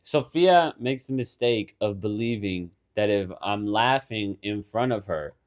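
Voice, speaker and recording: A man's voice: on the low side, expressive, a little slow. A man co-hosting a podcast in casual chat, laughing a lot, swearing and saying "bro" as he tells a story. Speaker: podcast co-host.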